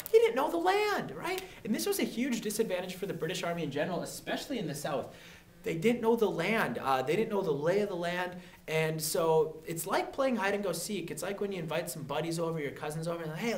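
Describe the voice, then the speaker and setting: A man's voice: a little high, far from the mic. A man explaining a history study guide to students in a casual, joking way, full of fillers. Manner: chatty, jokey, many fillers, acts out quick quotes. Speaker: history teacher. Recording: echoey room, voice from off mic.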